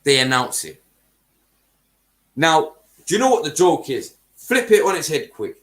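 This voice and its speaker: A man's voice: fairly high pitch, sing-song, a little fast, a bit bright. A man hosting a football podcast, ranting heatedly in casual chat, swearing and using heavy street slang.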